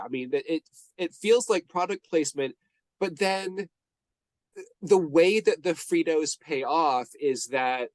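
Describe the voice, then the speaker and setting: A man's voice: a little high, dry recording. A man co-hosting a podcast, chatting casually about a movie, rambling with restarts and frequent laughs. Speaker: podcast co-host.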